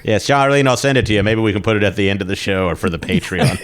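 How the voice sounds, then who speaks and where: A man's voice: on the low side, fast. A man co-hosting a comedy podcast, telling rambling, crude stories in casual chat. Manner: rambling, crude joking storytelling.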